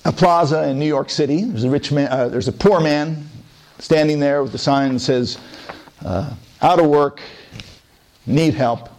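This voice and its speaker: A man telling parable-like stories in a relaxed, conversational way, then reflecting on them. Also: fairly high pitch, normal speed. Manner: relaxed, conversational storytelling with asides. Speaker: speaker. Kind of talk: storytelling talk.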